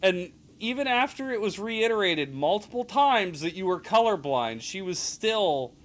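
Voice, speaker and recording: A man's voice: high voice, very animated, a little slow, fairly bright tone. A young man hosting a gaming stream, chatting casually and teasing his friend, laughing often as he retells stories. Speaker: gaming channel host. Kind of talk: casual chat while playing.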